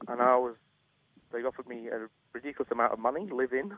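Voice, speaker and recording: Man telling a lively story. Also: mid-range voice, fast talker, slight background noise, poor audio. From England. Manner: animated storyteller, acts out quotes, laughs often. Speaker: chef, radio guest. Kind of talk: casual storytelling interview. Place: radio studio. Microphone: studio microphone.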